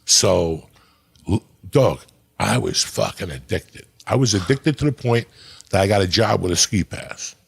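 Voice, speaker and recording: A man from New Jersey telling a profane, animated story as a podcast guest. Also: fairly low pitch, unhurried, creaky, husky. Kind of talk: casual storytelling.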